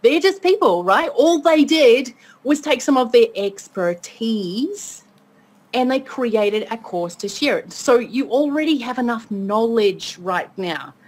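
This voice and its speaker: A woman with a high-leaning, animated voice teaches an online course in a motivational webinar, speaking a little slowly. She's upbeat and chatty and keeps checking in with her listeners by asking "okay?"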